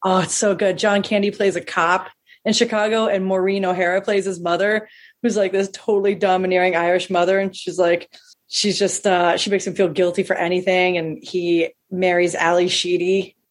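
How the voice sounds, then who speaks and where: A woman telling stories in a casual chat, animated and quick to laugh, acting out what people said in raised voices. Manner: animated, acts out quotes in high voices, laughs often.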